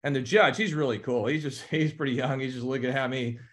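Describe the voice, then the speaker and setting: A man's voice: medium pitch, fairly even intonation, fairly quick. A man in his fifties, an attorney, telling casual courtroom stories with frequent chuckles and acted-out quotes. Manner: chuckles often, acts out quoted dialogue. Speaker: attorney guest. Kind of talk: casual anecdotal storytelling.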